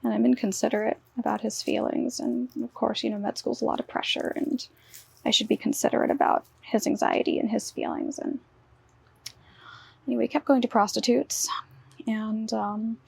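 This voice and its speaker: Young woman, quiet halting testimony, heavy vocal fry, husky breathy tone, dry close sound. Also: fairly high pitch, fairly even intonation, no echo. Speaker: survivor telling her story. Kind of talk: personal testimony interview.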